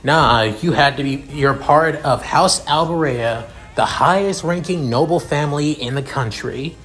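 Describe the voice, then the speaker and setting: A man voicing a hot-tempered young male commoner student who shouts and swears with indignation. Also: fairly high pitch, unhurried, faint music behind. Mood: contemptuous.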